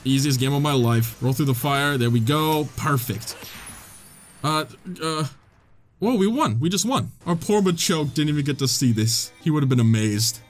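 Excitable young man gaming commentary. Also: moderate pace, faint music behind. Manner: excitable, swears, laughs, voice jumps high when tense. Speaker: gaming YouTuber. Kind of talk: let's play commentary.

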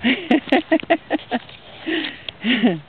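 High cooing woman, tinny camera audio. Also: animated, drawn-out words, background noise. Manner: coos and baby-talks to the horses. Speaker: horse owner filming her colt. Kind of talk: casual talk to animals. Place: outdoor pasture near woods. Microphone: handheld camera.

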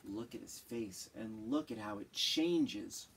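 A teacher reading a children's picture book aloud, gently asking questions about the pictures. The voice is husky and unhurried, with a lively, rising and falling tone, and sits a little back from the microphone. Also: medium pitch, distant mic.

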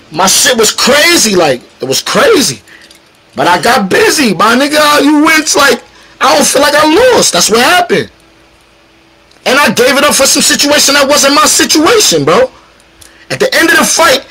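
Animated, brash-sounding man on a livestream. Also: very high voice. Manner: animated, profane and combative; addresses the chat directly, teasing. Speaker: battle rapper guest. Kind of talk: casual livestream chat.

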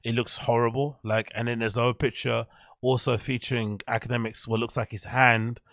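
A man's voice: mid-range voice, flat delivery, fairly quick, fairly bright tone, no room sound, studio quality. A man hosting a podcast, giving rambling, blunt commentary while clicking through pictures. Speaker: podcast host. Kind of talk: casual commentary on a screen grid.

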